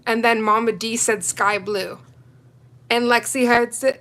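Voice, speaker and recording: Speaking a little slowly in a fairly high voice, a woman runs a nail art livestream. She chats casually and excitedly with viewers, reading their comments aloud and responding.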